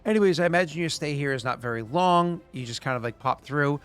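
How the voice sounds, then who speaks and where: A man's voice: on the high side, expressive, fast, clear, resonant tone, soft background music. A man running a tabletop game as game master, rambling with lots of fillers.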